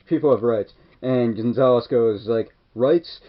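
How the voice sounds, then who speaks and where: A man's voice: mid-range voice, fairly even intonation, moderate pace. Rambling man recapping a film. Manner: rambling, full of "like" and "kinda". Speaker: movie reviewer. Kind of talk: casual movie recap. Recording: dull lo-fi recording.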